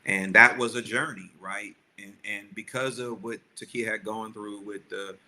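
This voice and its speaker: A man co-hosting a podcast, telling a family story in a lively, animated way and acting out the quotes. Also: lowish voice, moderate pace, slight background noise, rough recording. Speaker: podcast co-host. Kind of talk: storytelling chat.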